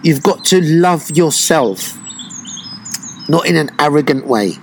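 A man who teaches breathwork retreats, talking slowly and reflectively in an interview, with many pauses and fillers. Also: fairly high pitch, animated, a little hiss or hum, poor audio.

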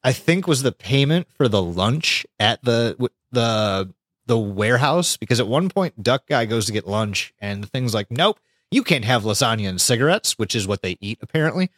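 A man co-hosting a podcast, retelling an episode with lots of swearing and squeaky voiced impressions of the characters. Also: expressive, moderate pace, dry recording, studio quality. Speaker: podcast co-host. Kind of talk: casual podcast recap.

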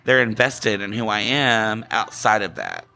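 A man's voice: lowish voice, animated, a little slow, vocal fry, bright, forceful tone. A man who is a longtime drag performer, talking casually in an interview and acting out the greetings he gives people. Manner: chatty, acts out quoted greetings.

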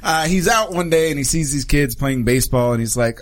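A man's voice: mid-range voice, fairly even intonation, fairly quick. Chatty man rambling through a review. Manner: rambling, laughs often, many fillers. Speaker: podcast co-host. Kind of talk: casual chat and film review.

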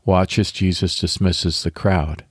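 A man with a deep voice hosts a devotional podcast, guiding prayer and a scripture meditation. He speaks at a calm, measured, instructive pace. The sound is dry and close, with no room around it. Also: breathy edge, no echo.

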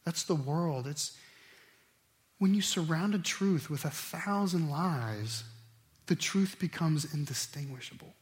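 A middle-aged pastor preaches a sermon in an animated, somewhat high voice at a slow pace, swinging between loud, emphatic stretches and quiet asides.

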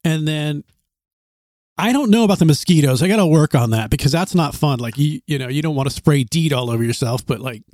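Animated man telling a rambling story. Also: fairly high pitch, fairly quick, dry recording, clean studio sound. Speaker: podcast co-host telling trail stories. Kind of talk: casual chat.

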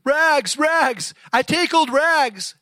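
A man voicing a tall, strong male ragman in a storybook reading, who cries his wares down the street and speaks gently to the people he helps. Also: mid-range voice, sing-song, normal speed, dry recording, studio quality, pitched below the performer's own voice. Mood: calling out. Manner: bellowing street cries, then hushed and tender.

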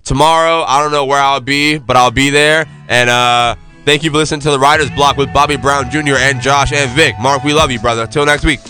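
A man's voice: medium pitch, fairly even intonation, brisk, few pauses, pushed and bright, faint music behind. A man hosting a casual podcast, talking loosely with lots of slang and fillers. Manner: laid-back, loose slangy delivery with many fillers. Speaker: podcast host.

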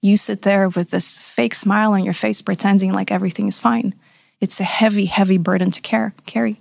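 A woman's voice: mid-range voice, level tone, fairly quick, creaky, darkish tone, dry recording, clean studio sound. A woman in her thirties, a podcast guest, telling her personal story frankly and emphatically, sometimes swearing.

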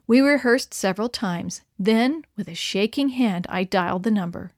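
A woman reading a children's story aloud, bringing the dialogue to life with lively, expressive delivery. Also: medium pitch, normal speed, hardly any pauses, no room sound, studio quality. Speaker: narrator. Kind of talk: scripted children's story narration.

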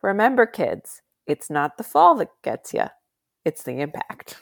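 Lively, joking American woman. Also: fairly low pitch, gravelly, dry recording, studio quality. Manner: joking and quick to laugh. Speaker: podcast co-host. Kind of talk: casual chat.

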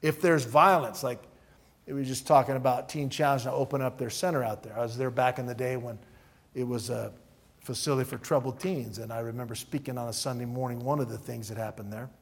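A man's voice: medium pitch, a little fast, gravelly, breathy edge. A male pastor preaching at an evening church meeting, telling stories with acted-out dialogue and teaching through numbered points. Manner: animated storyteller who acts out dialogue. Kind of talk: sermon.

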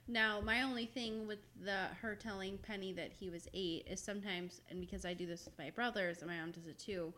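A young woman co-hosting a casual chat about a TV show, agreeable and quick with short affirmations. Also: mid-range voice, steady tone, sharp tone. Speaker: podcast co-host.

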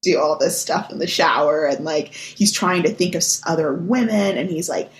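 A woman's voice: low-pitched, normal speed. A woman co-hosting a podcast in casual chat, rambling with many fillers and restarts over a video call. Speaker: podcast co-host.

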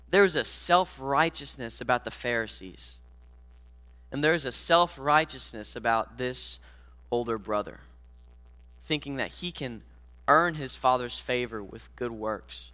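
A man's voice: a little high, measured pace, pauses often, pushed and bright. A man preaching a sermon earnestly, speaking directly to his listeners as guys.

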